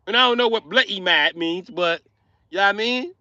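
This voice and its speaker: A man's voice: high voice, brisk, pushed and bright, no room sound, muffled recording. An American man delivering a profane, brash comic rant on a livestream. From United States.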